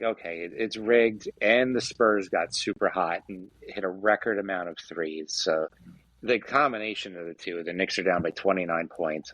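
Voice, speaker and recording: A man's voice: low voice, a bit bright, no echo, dull audio. A man co-hosting a sports podcast, chiming in with wry jokes in casual chat. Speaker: podcast co-host.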